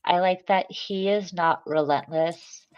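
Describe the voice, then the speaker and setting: A woman hosting a livestream in relaxed, casual chat, swearing now and then. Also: fairly low pitch, slow pace, no echo, lo-fi sound.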